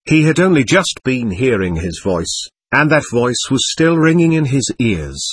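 A man narrating a literary audiobook in an expressive, dramatic reading. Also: medium pitch, unhurried, breathy edge, dry recording.

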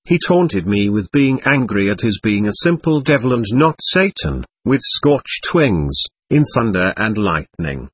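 A man's voice: lowish voice, big pitch swings, measured pace, few pauses, slightly rough, no room sound, exaggerated voice. A man reading as a feverish, delirious young man. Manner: rambling, agitated, brooding.

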